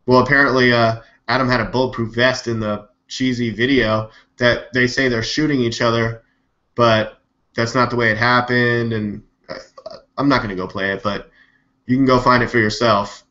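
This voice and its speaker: A man runs his own live news stream in loose, rambling commentary, skeptical and quick to swear. His voice has a bright, sharp edge. The audio sounds dull and lo-fi, like a cheap webcam mic. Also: medium pitch, fairly even intonation. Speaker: live news show host.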